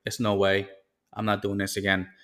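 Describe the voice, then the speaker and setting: A man's voice: lowish voice, completely flat delivery, normal speed, background noise. A man from New York with a New York accent, co-hosting a casual talk show and rambling with many restarts. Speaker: podcast co-host. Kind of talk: casual chat.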